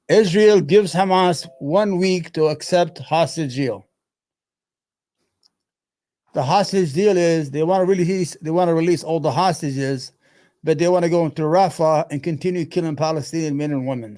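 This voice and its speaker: A fairly high-pitched man hosts a live stream, reading headlines aloud and breaking off into profane, sarcastic rants. His voice sits close and dry on the mic, with no room sound around it. He rambles and talks back at the news as he goes. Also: dark tone, no echo. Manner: mutters to himself between headlines. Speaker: streaming show host.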